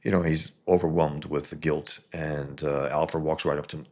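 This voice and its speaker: A man's voice: very deep voice, flat delivery, normal speed, few pauses, darkish tone. A man casually reviewing a comic on a live stream, rambling with many fillers and restarts.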